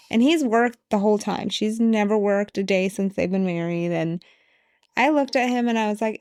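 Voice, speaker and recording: A woman co-hosting a podcast who tells stories in a lively, blunt way and leads the segments. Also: medium pitch, moderate pace, dry recording, studio quality. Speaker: podcast co-host. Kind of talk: casual podcast conversation.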